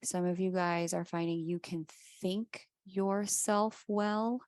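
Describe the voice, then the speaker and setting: A woman's voice: fairly low pitch, steady tone, slow, darkish tone, no room sound, clean studio sound. A woman giving a casual spiritual talk as an astrologer and reader, chatty, often laughing and acting out the people in her stories.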